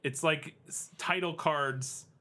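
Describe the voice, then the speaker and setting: A man's voice: a little high, steady tone, slow, bright, forceful tone. A man co-hosting a podcast, chatting casually about a bad film, laughing often and sounding exasperated. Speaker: podcast co-host. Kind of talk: casual movie review chat.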